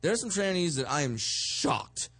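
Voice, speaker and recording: A young man guesting on a casual talk show, joking and animated as he tells stories. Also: a little high, a little slow, husky. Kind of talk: casual chat.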